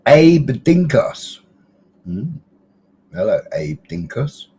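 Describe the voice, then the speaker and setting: A man's voice: mid-range voice, very animated, drawn-out words, mellow, husky. Chatty man streaming live. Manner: chatty and teasing, reads out viewers' names, mild swearing. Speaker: livestream host. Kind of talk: casual livestream chat greeting viewers.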